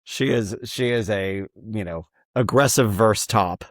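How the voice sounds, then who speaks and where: A man guesting on a podcast, chatting about musicals in an animated, joking way. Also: fairly low pitch, a little slow, no room sound, studio quality. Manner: animated, joking, slips into impressions. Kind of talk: casual chat about musicals.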